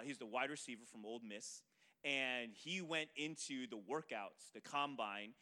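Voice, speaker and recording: A man preaching, his voice sitting a little high and carrying a bright, forceful edge. He tells a story with animated pacing and acts out the voices of the people in it, pulling the listener along toward his point. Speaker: pastor. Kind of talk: sermon with storytelling illustration.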